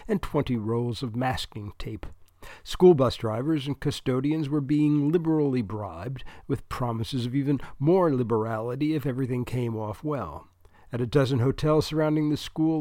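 A male narrator reads a comic story with a wry, deadpan humor and small asides to the listener. His voice sits at an ordinary middle pitch. The recording is very dry and close, with no room sound. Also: no room sound. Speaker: audiobook narrator.

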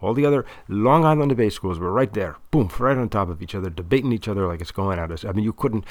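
A man's voice: on the low side, quick pace, no echo, natural voice. A man voicing a chatty former debater in a mock Irish accent that drifts toward other British Isles sounds. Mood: excited. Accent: mock Irish, mixed with other British Isles sounds. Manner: rambling, excited storytelling.

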